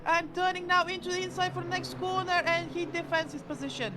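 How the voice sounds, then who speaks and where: A high-voiced woman calls a virtual motor race live, excitable and tripping over her words as she corrects herself mid-sentence. Loud noise sits steadily under her voice throughout. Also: a little fast. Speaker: race commentator. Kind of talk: live sim racing commentary.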